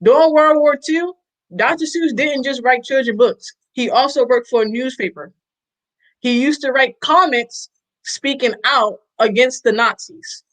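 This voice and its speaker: A woman's voice: high-pitched, a little slow, a bit bright, rough recording. A young woman co-hosting a casual podcast chat, talking in an emphatic, profane way and laughing often. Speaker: podcast co-host.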